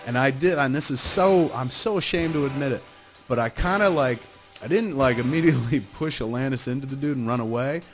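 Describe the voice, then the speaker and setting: A man hosting a podcast and telling a comic story casually, profane and self-mocking, acting out the voices of the people in it. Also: medium pitch. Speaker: podcast host. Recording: music playing behind the voice.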